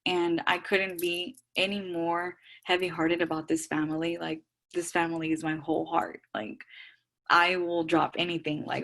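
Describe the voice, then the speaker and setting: A young woman with a Texan accent who talks fast on a group call, warm and heartfelt, full of "like" fillers. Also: lowish voice, steady tone, vocal fry. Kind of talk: emotional call sharing.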